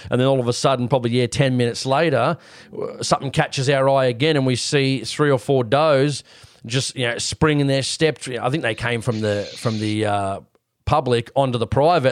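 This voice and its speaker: A man's voice: medium pitch, no echo, clean studio sound. A man, hosting a podcast and rambling through stories in casual chat. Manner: rambling storyteller, acts out quoted voices. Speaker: podcast host. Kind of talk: casual chat about hunting trips.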